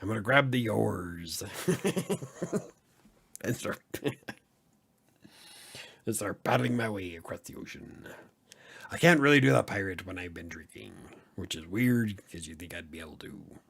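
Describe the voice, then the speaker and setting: Gravelly-voiced man hosting a laid-back podcast. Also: lowish voice, a little slow, long pauses. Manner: laughs often, relaxed and joking. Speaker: podcast host; editor. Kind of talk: casual live-stream chat.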